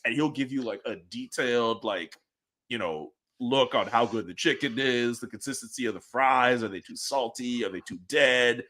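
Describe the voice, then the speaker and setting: A man talking as a guest on a casual sports podcast, chatty and animated as he tells stories. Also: medium pitch, fairly quick.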